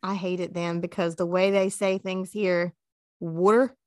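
A woman co-hosting a podcast in animated, chatty conversation, laughing often and mimicking how others talk. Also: lowish voice, normal speed, clear, resonant tone, dry recording. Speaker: podcast co-host. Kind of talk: casual chat.

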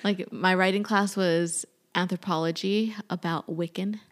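A woman's voice: lowish voice, fairly even intonation, unhurried. A young woman in a casual, chatty conversation, lightly teasing. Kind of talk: casual chat.

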